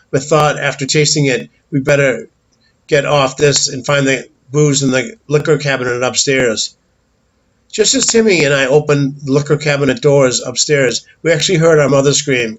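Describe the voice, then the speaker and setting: A man's voice: medium pitch, moderate pace, fairly bright tone, poor audio. A man telling a childhood story in a casual, candid, blunt way, with some swearing and small stumbles.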